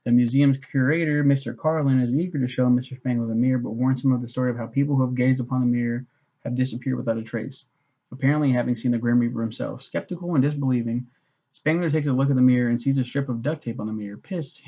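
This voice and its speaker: A man's voice: mid-range voice, steady tone, fast, highs cut off. A man giving a casual, rambling book review, swearing freely and filling his talk with "like" and "um". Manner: swears a lot, many fillers, mocks posh voices.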